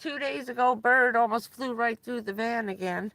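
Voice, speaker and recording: A woman's voice: on the high side, moderate pace, bright, forceful tone, no room sound. A woman livestreaming from inside her van, chatting casually with viewers and laughing often as she tells stories.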